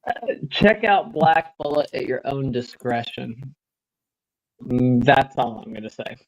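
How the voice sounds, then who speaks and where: Man, livestream co-host, casual gaming chat, rambling, anecdotal, mid-pitched. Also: measured pace, rough recording. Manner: rambling, anecdotal, cautious recommendations.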